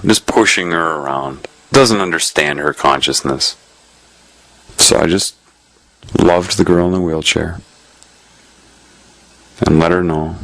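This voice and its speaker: A man's voice: a bass voice, a bit bright, no room sound. A man preaching in an earnest storytelling way, recounting a spiritual testimony.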